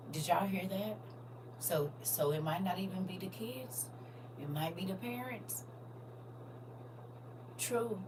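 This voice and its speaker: A woman hosting a casual live stream, reading viewer comments, going from soft and near-whispered to loud and animated. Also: lowish voice, recorded from a distance, background noise.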